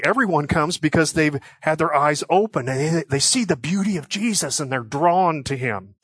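A man preaching a sermon, earnest and measured, leaning on key words by slowing right down. His voice sits at an ordinary middle pitch. The sound is dry and close, with no room echo. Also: fairly bright tone. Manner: earnest, slows for emphasis on quoted scripture. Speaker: pastor.

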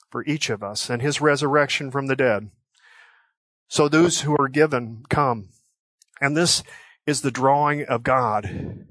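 A man preaching a sermon, earnest and measured, leaning on key words by slowing right down. His voice sits at an ordinary middle pitch. The sound is dry and close, with no room echo. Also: fairly bright tone. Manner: earnest, slows for emphasis on quoted scripture. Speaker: pastor.

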